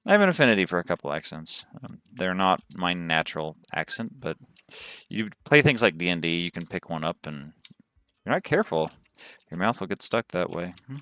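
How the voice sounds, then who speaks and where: A man's voice: low-pitched, very animated, brisk, pushed and bright, clear, resonant tone, no room sound, studio quality. A man from the southern United States giving chatty, rambling commentary as he plays a game on a livestream. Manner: chatty, rambling, thinks aloud while playing. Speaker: game streamer.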